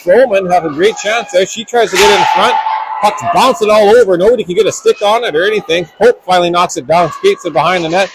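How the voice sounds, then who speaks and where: A man calling a high school hockey game play by play, talking in a quick running flow and correcting names as he goes. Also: very noisy. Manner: rapid running description with self-corrections. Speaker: play-by-play announcer. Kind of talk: live hockey commentary. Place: ice rink.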